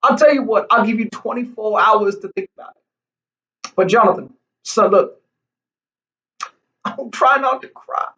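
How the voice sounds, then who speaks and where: Guy doing a whiny old tv preacher, begging drawl, real high bright voice. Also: a little slow, pauses often, recorded from a distance, lo-fi sound. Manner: whiny pleading drawl, repeats names over and over. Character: older male Southern TV preacher, pleading and fearful. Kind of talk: comedic impression monologue.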